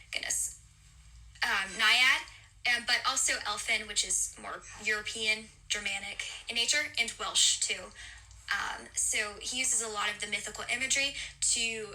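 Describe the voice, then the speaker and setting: A young woman giving a class presentation on a poem, halting often with fillers and correcting herself. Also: medium pitch, creaky, sharp tone, rough recording. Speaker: student presenter.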